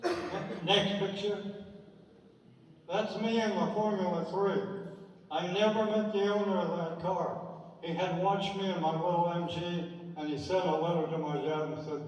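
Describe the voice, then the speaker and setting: An older man with a fairly high voice tells stories in a relaxed, chatty way as he clicks through old photos. He sounds distant from the mic, and his voice rings around a large echoing theater with a long reverb tail. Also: normal speed. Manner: chatty, anecdotal, with dry asides. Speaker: speaker presenting a slideshow. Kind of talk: casual reminiscing talk over slides. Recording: echoey hall, distant from mic.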